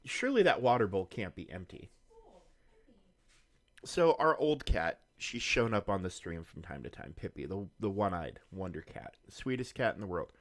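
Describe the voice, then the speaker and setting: A man with a low voice talks on a live game stream. He chats casually and rambles from one topic to the next. Now and then he drops a curse word without thinking. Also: very animated, normal speed, a bit bright. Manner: rambling, chatty, swears casually. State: hiccups. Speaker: gaming streamer.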